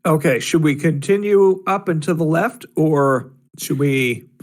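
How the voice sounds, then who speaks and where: Slow, hesitant man at a game table. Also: fairly high pitch, darkish tone. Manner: hesitant, with many ums. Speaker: player. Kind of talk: casual tabletop game chat.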